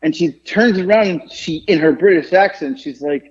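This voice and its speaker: A man's voice: fairly high pitch, moderate pace, husky. A man co-hosting a podcast, telling a story in a rambling way with many fillers and restarts. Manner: rambling, stumbling over words with many fillers. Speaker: podcast co-host. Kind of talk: casual storytelling chat. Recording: dull lo-fi podcast audio.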